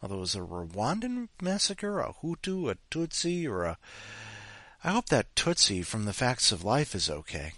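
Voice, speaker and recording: A man hosts a storytelling podcast in a loose, rambling way, swearing without a second thought. His pitch swings widely as he talks. The sound is dry and close. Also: huge pitch swings, moderate pace, bright, forceful tone, dry recording. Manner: rambling, irreverent, swears freely. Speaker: podcast host. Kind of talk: casual rambling commentary.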